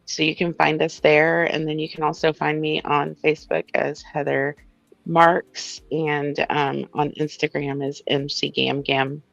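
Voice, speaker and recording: A woman's voice: deep voice, little pitch movement, a little slow, gravelly, dry recording. A middle-aged woman speaking plainly as a podcast guest, on a dull lo-fi line. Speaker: podcast guest, advocacy group founder.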